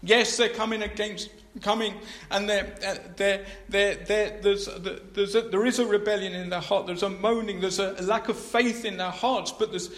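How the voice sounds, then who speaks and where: A man with a high voice reads scripture and then preaches from it. His delivery halts often, doubling back on words and phrases as he builds each point. The recording carries a noticeable echo, as if made in a large, live room. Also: fairly even intonation, a bit bright. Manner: halting, repeats and restarts words while preaching. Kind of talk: scripture reading then expository sermon.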